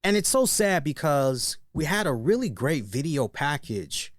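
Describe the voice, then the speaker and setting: A man's voice: a little high, a little slow, no room sound, studio quality. A man hosting a wrestling review show, talking casually and animatedly, joking and tagging his points with "right?". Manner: animated and joking, often tags lines with "right?".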